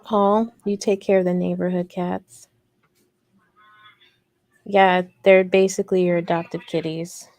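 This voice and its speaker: A woman's voice: lowish voice, little pitch movement, measured pace, pauses often, a little mellow, no room sound. A woman hosting a casual livestream crochet tutorial, chatty and rambling, talking directly to her viewers.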